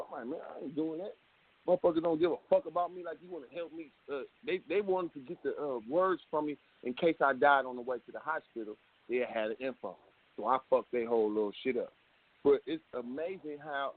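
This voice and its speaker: A man guest telling his story in an animated way, full of street slang and swearing, heard on a tinny phone line. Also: fairly high pitch, husky. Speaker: rapper guest. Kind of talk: phone interview.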